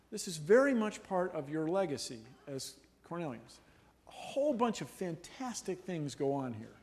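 A middle-aged man giving a humorous university lecture in a lecture hall, animated and jokey. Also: high voice. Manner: animated, jokey, playful voices and laughs. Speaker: guest lecturer.

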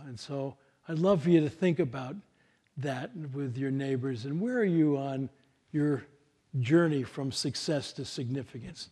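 A man's voice: medium pitch, measured pace, darkish tone, husky. An older man giving a live talk to an audience, telling stories in a folksy way with many fillers and restarts. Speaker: speaker at a workshop.

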